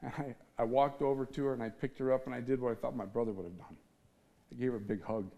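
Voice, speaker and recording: The recording is muffled, catching a quick, creaky, dark-toned mid-range voice with fairly even intonation. It belongs to a man from the Midwest who stands before an audience and tells his testimony earnestly, voicing the people in his story.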